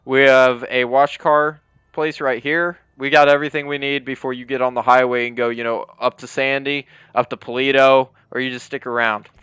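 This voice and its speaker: A young man who leads a police department on a roleplay game server casually walks viewers through it, rambling with lots of fillers and apologies. His mid-range voice is clear, resonant, and fairly bright, with level tone and normal speed. The dry recording sounds slightly dull and lo-fi.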